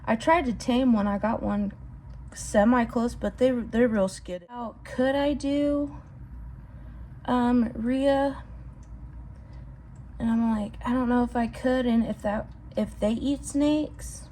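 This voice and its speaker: A young woman vlogging casually outdoors, rambling and excitable, swearing casually and calling her viewers bro. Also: on the high side, slow, slight background noise. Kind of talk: casual vlog talk to viewers. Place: outdoors at home.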